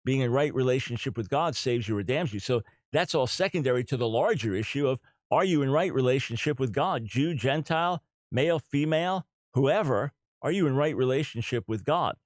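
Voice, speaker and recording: A man's voice: medium pitch, lively intonation, fairly quick, no echo. Middle-aged guy doing a radio monologue, earnest, repeats himself for emphasis, mid voice, dry studio sound. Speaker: radio talk show host.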